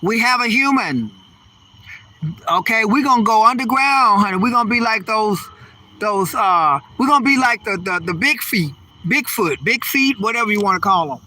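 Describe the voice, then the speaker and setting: High, bright-voiced older comedian ranting. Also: male voice, moderate pace. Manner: animated, profane, rambling rant. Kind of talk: stand-up style ranting monologue.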